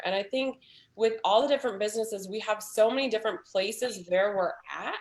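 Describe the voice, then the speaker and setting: A woman's voice: mid-range voice, brisk. Candid thirties woman in a group video chat, says like a lot, runs her own business. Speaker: small business owner.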